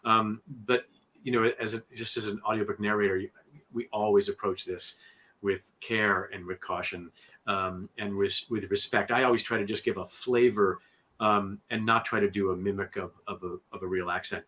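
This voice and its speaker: A man who narrates audiobooks, telling studio stories in a lively interview with lots of fillers and restarts. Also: lowish voice, normal speed. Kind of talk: conversational storytelling interview.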